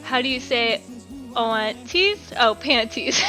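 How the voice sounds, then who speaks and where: A young woman talks casually to her chat from a home kitchen, bright and a touch high in pitch. She giggles often, curses lightly and sounds a little out of breath. Soft music plays faintly behind her. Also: lively intonation, takes it slowly. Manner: giggly, chatty, reads chat aloud, swears casually. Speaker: streamer. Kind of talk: casual live-stream chat while cooking.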